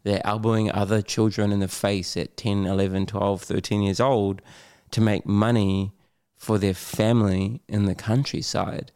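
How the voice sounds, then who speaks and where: A man's voice: fairly low pitch, normal speed, clear, resonant tone. A middle-aged man, a podcast guest talking candidly, laughing often and swearing casually. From New Zealand. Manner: animated storyteller, swears, laughs often, acts out his own lines.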